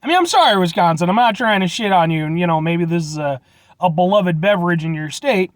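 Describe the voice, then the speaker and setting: Reviewing root beer on his vlog, this young man from Illinois rambles fast and animatedly, swearing offhandedly and bluntly and stumbling into restarts. His pitch swings up and down mid-sentence, and the audio is dry and close-miked.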